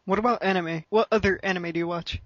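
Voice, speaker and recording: Man, high voice, quick, dry lo-fi recording, brief questions. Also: steady tone, no echo. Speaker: interviewer. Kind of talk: reading interview questions.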